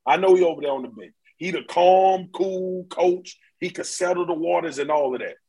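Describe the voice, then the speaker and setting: A man with a husky voice that sits a bit high talks basketball on a podcast. He speaks in a loose, slangy, emphatic way, and he drives his points home by repeating them. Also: moderate pace, mellow, rough recording. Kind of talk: casual sports chat.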